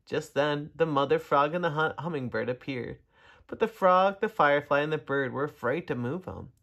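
A man reading a children's story aloud, gentle and expressive, talking to young listeners. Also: fairly high pitch, normal speed, vocal fry. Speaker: storybook reader.

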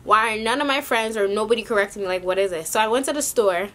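A woman's voice: medium pitch, fast talker, pushed and bright. A woman vlogging a sneaker haul, rambling and casual with lots of slang. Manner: chatty, rambling, slangy ("yo", "y'all").

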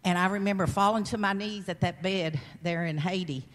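A woman's voice: fairly low pitch, fairly quick, long reverb tail. A woman in her sixties with a Southern accent, giving an earnest, chatty missionary testimony at church. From Kentucky. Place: church sanctuary.

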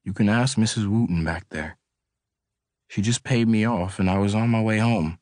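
A man voicing a frightened young working man who answers the police in a soft, breathless, pleading voice. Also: lowish voice, normal speed, no echo, studio quality, lightly acted. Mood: protesting.

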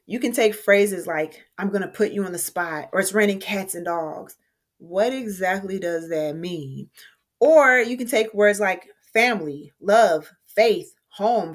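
A woman teacher giving a recorded writing lesson in a friendly, conversational way, explaining step by step. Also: mid-range voice.

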